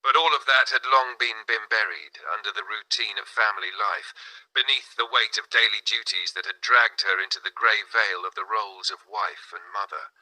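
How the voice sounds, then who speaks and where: Male audiobook narrator with a measured, dramatic delivery and a lowish, bright voice. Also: low-quality recording. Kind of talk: scripted narration.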